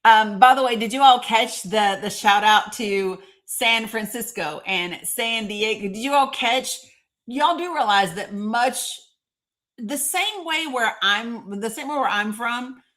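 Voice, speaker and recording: A woman from Northeast Tennessee talks straight to her livestream viewers in a chatty, emphatic way, answering commenters by name. Her voice is bright and forward, pitched a little high, and her Tennessee accent comes through clearly. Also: unhurried. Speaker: livestream host. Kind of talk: live-streamed commentary to viewers.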